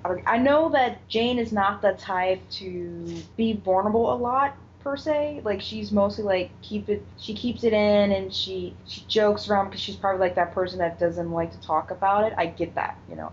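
A woman's voice: medium pitch, moderate pace, few pauses. A woman co-hosting a podcast, animatedly retelling a TV episode in casual chat and acting out the characters' lines. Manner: animated retelling, acts out quotes, swears. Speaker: podcast co-host. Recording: dull lo-fi audio with faint noise.

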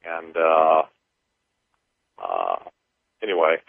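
A man co-hosting a paranormal talk show, speaking haltingly with many fillers and restarts, then slowly leading listeners through a counting exercise. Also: a bass voice, sing-song, vocal fry, no room sound. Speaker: radio show co-host. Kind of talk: casual paranormal talk and guided counting session. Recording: tinny phone-line sound, dry.

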